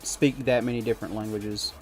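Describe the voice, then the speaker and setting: A man's voice: on the low side, fairly even intonation, a little fast, darkish tone, faint music behind. A young man chatting casually on a game stream, rambling and swearing freely as he rants. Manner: profane, rambling, heats up when ranting. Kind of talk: casual live-stream chat while gaming.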